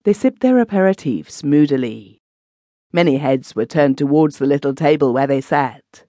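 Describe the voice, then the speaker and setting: A woman narrating a classic story as an audiobook narrator, measured and expressive. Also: low voice, no echo. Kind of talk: scripted narration.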